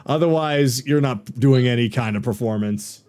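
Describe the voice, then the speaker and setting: A man's voice: mid-range voice, normal speed, darkish tone. A man narrating and playing characters as game master, teasing his players.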